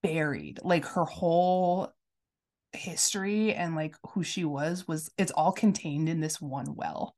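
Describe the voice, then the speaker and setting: Sick lady cohosting a podcast, kinda gravelly and lowish, chatty with lots of ums. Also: a little slow, darkish tone. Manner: chatty, giggly, lots of fillers. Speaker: podcast co-host. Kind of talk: casual chat.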